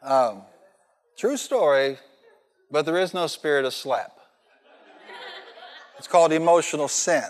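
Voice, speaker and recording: A man preaching a sermon, telling lively stories and calling on the congregation to repeat lines back to him. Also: on the high side, unhurried, long pauses, some chatter behind. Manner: animated storytelling with call-and-response. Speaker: pastor. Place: large church hall. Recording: long reverb of a large hall.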